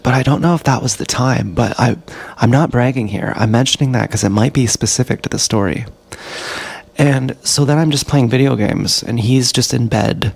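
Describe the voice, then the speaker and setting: A man's voice: medium pitch, creaky, husky. A man livestreaming from an action camera, telling a tangled personal story in a profane, rambling way and often correcting himself. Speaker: live streamer.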